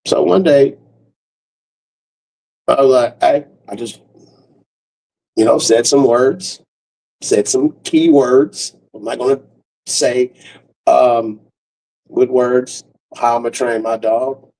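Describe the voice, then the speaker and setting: Brief: a man doing loose, profane comic storytelling with a mellow tone, recorded a bit off-mic. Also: mid-range voice, steady tone, slow, vocal fry, pauses often, far from the mic, rough recording. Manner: loose, profane and laughing, with frequent restarts. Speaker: comedian.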